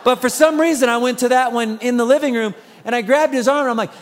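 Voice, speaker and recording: High-voiced pastor guy telling funny family stories, long hall echo. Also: quick pace, few pauses. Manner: storytelling, acts out family scenes with humor. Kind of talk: sermon. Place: church sanctuary. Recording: long church hall reverb.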